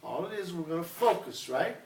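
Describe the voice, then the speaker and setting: Man, a commanding classroom teacher with a high voice, recorded far off in an echoey room. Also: sing-song, a little fast, darkish tone, slight background noise. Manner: commanding, drills students call-and-response.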